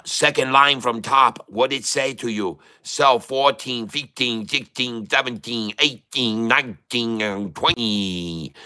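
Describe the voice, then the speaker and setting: A man putting on a halting broken-English trader. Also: lowish voice, bright, forceful tone. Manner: halting, dropped words, many fillers. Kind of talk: comic put-on voice while trading live.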